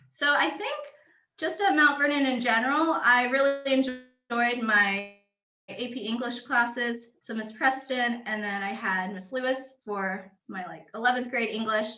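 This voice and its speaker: Young woman chatting through her book slides, bright tone, roomy echo, laughs a lot. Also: a little high. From United States. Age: young adult. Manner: chatty, explanatory, laughs often. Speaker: author. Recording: roomy and dull lo-fi.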